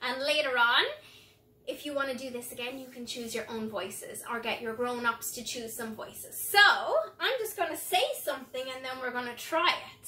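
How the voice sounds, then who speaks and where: A woman's voice: high-pitched, bright, forceful tone, reverberant, recorded from a distance. A woman leading a playful nursery rhyme lesson for young children, trying out funny voices. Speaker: early childhood music teacher.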